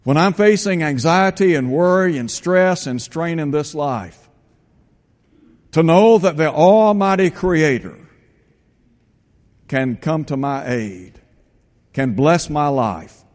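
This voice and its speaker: A man preaching a sermon, reading scripture aloud and slowing down to stress the quoted verses. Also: fairly high pitch, expressive, a little mellow, big-room sound.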